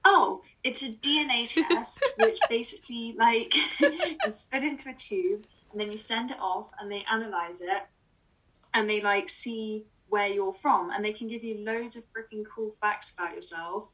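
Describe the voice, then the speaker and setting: A woman's voice: mid-range voice, moderate pace, fairly bright tone, recorded from a distance, rough recording. A young woman co-hosting a podcast, chatting casually, joking and laughing often as she rambles. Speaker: podcast co-host. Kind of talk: casual chat.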